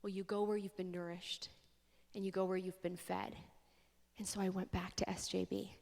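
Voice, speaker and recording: A young woman from Canada giving a faith talk to an audience, an expressive storyteller with dramatic pauses. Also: medium pitch, vocal fry. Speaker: speaker. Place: large hall. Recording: long hall reverb.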